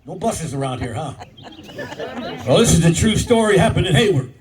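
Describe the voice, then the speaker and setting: A man's voice: a little high, animated, moderate pace, pauses often. Older male stand-up comic, crude and brash. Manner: crude, brash, talks to the crowd. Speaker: stand-up comedian. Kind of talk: stand-up comedy set. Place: live comedy club. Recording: distant mic, loud crowd laughter.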